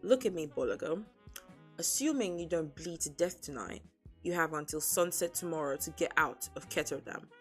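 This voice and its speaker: A cold, calculating young crime boss, read aloud by a woman delivers threats in a flat, even manner. The voice sits low and deep for a woman. Soft music plays faintly underneath this storybook reading. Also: moderate pace. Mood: cold threatening.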